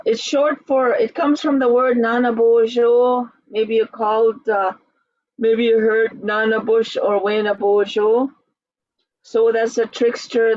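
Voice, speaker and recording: A language teacher leading an online class in a relaxed, halting way with many fillers, heard over a video call. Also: mid-range voice, dry recording, dull audio.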